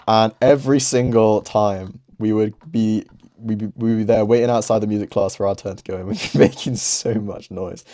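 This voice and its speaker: A man's voice: on the low side, mellow. A young man hosting, chatting casually over gameplay in a rambling, laughing way. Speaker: host.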